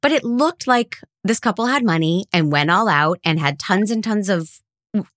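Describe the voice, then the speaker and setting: A woman's voice: medium pitch, animated, moderate pace, fairly bright tone, dry recording, clean studio sound. A woman hosting a casual chat, wry and dryly humorous, rambling through her thoughts. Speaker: podcast host, actor and audiobook narrator.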